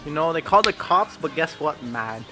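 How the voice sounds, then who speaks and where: A man's voice: on the high side, sing-song, a little fast, over music. A young man in casual banter, boastful and trash-talking his friends. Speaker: friend in the vlog.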